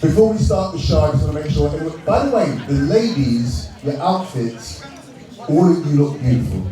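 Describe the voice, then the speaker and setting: A British man emcees an awards night, joking with the audience, laughing often and shouting out to the room. His voice is a little high and expressive at a moderate pace, carried by a handheld mic that sounds distant in the echoey hall full of crowd noise.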